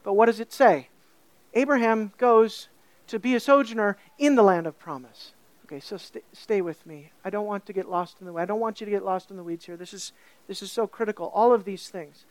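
A woman preaching a sermon, animated, asking her listeners questions and stretching key words slowly for emphasis. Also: medium pitch, no room sound.

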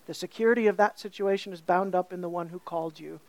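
A woman with a lowish voice preaches an animated sermon, recorded dry. She addresses questions to her listeners and draws key words out slowly to emphasize them.

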